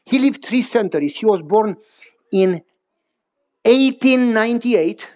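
A middle-aged man preaching a sermon, telling personal stories in an animated way with big pitch swings and repeated phrases. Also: unhurried. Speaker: pastor.

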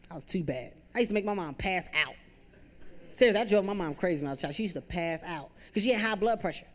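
A man's voice: high voice, fast talker, in a large hall. Self-deprecating young male stand-up comic. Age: 20s. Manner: animated, self-deprecating, lots of "you know". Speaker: stand-up comedian. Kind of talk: stand-up comedy. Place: theater stage with live audience.

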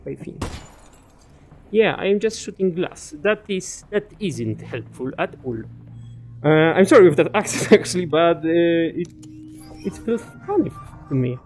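A man's voice: fairly high pitch, a little mellow. A young man giving casual let's-play commentary, chatting to enemies and muttering asides to himself. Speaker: gaming commentator.

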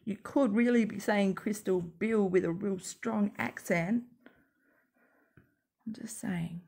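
A woman with a croaky voice rambling sarcastically at home while smoking, as a YouTube commentator. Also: mid-range voice, darkish tone. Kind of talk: rambling casual monologue.

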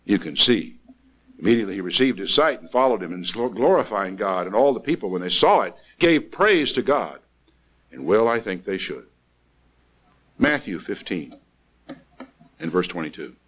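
A man preaching a sermon in an emphatic way, swinging from loud exclamations down to quiet asides. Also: on the low side, big pitch swings, normal speed, pauses often, breathy edge, low-quality recording.

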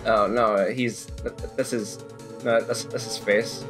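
A man hosting a casual gaming session, excitable and tripping over his words. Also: mid-range voice, a little slow, over music. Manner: excitable, stumbling. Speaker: host.

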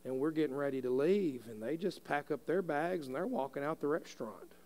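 A middle-aged man, preaching a sermon as a pastor. He tells a folksy family story, then rises into forceful preaching. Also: a little high, fairly quick.

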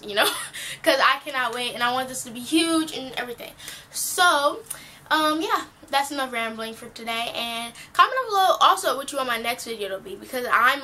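A teenage girl vlogging casually, telling a rambling, animated story full of fillers. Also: high voice, slight background noise. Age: teen.

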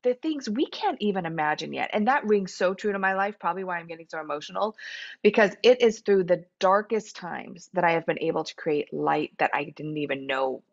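A woman in her forties hosting an interview podcast, talking casually, animated and emotional, laughing often. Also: fairly low pitch, fairly quick, highs cut off. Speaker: podcast host.

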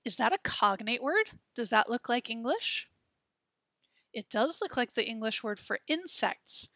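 Slow, bright-voiced woman teaching Spanish. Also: on the high side, expressive, no echo, clean studio sound. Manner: slow, clearly enunciated, encouraging. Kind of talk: children's language lesson.

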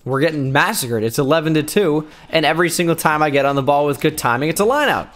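A young man giving sarcastic play-by-play commentary over his own baseball video game, bursting into shouts of excitement. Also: a little high, fast talker. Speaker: gaming YouTuber. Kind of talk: gameplay commentary. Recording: game music faintly behind.

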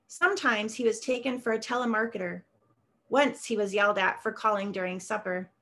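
A woman author reading her own short story aloud in a measured, steady way on a video call. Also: mid-range voice. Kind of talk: literary reading.

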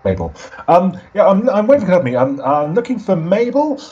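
Man playing a halting, courteous adventurer. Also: high-pitched, sing-song, darkish tone, breathy edge, muffled recording, voice pushed up, exaggerated voice. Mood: polite. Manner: formal, halting, many restarts. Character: polite hesitant adventurer escorting a girl.

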